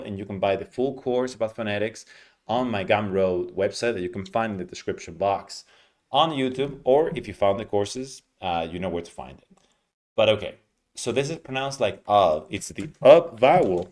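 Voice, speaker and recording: A man teaching English pronunciation, explaining patiently and modeling words slowly with clear stress. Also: fairly low pitch, a little mellow. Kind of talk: teaching lesson, explaining reading aloud.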